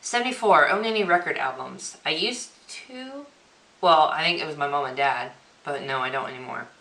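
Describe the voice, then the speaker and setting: A woman's voice: sits low, lively intonation, moderate pace, creaky, fairly bright tone. A young woman vlogger chatting through a question-and-answer tag video, reading each question aloud and answering offhand. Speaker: beauty vlogger. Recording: echoey room.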